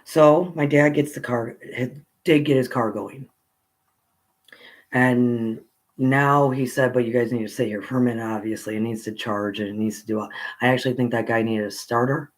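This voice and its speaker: A man casually telling a personal childhood story, rambling with pauses and restarts. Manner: rambling, with pauses and restarts, rising pitch when excited.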